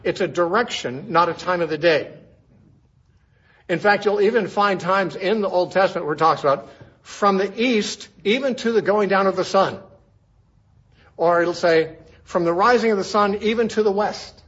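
A man's voice: high-pitched, moderate pace, fairly bright tone, husky. A man teaching through a Bible passage verse by verse in a conversational way, asking rhetorical questions as he explains. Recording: dull lo-fi recording.

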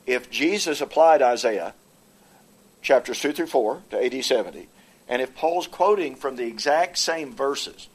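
Debater, male, mid-pitched, argues point by point and stumbles over fillers often. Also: husky. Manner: halting, frequent "uh" fillers and restarts. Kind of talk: formal theological debate presentation. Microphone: presenter with projected notes.

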